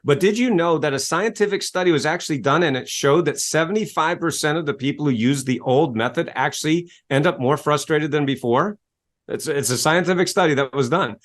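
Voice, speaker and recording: A man who works as a self-help coach, telling stories as a guest in an interview with a salesy, animated manner, acting out quotes and spelling words letter by letter. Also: on the high side. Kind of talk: enthusiastic storytelling interview talk.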